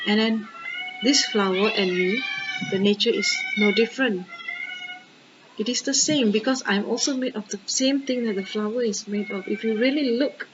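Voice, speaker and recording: A woman, a Buddhist nun and teacher, gives a dharma talk in an animated way, full of rhetorical questions and exclamations and often checking in with her listeners. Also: on the high side, moderate pace, highs cut off, background noise.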